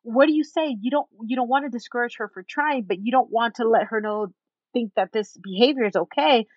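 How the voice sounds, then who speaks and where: A woman guest in an interview, telling a story in an animated way and acting out the people in it. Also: fairly high pitch, a little fast, no echo, dull audio. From Texas. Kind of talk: storytelling in a conversation.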